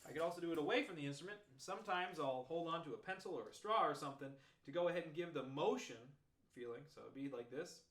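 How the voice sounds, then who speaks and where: A man walks through trombone practice methods in a relaxed, explanatory teaching tone. His voice sits on the higher side for a man. The room gives it a noticeable echo. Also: fast. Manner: relaxed, explanatory, talks through examples step by step. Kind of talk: demonstrating practice techniques. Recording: roomy echo.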